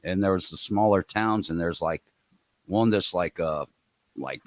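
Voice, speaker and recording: A man with a very low voice, recorded close and dry, chats in a slow, laid-back way. He mumbles through his stories and swears often. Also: no room sound. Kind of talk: casual chat.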